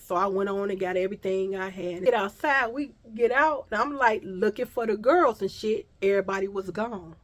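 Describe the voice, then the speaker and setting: A woman telling a personal story in a casual vlog, animated and profane, talking straight to her viewers. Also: mid-range voice, a little fast, few pauses.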